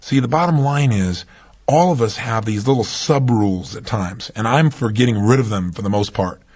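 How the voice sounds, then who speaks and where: A man giving a motivational seminar talk, animated and full of rhetorical questions to his audience. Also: medium pitch, moderate pace. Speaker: motivational speaker.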